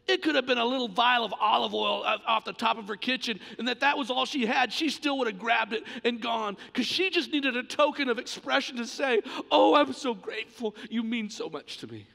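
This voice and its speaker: A man's voice: very high voice, a little fast, creaky, few pauses, pushed and bright. A man preaching a sermon as pastor in a church sanctuary, in an impassioned, emphatic way. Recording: long church reverb.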